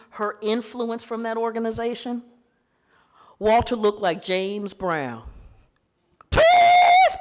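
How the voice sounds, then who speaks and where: Animated woman lecturing with acted-out quotes. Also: medium pitch. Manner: animated storytelling, acting out quoted voices, laughing. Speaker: keynote speaker. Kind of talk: lively historical lecture. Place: conference hall.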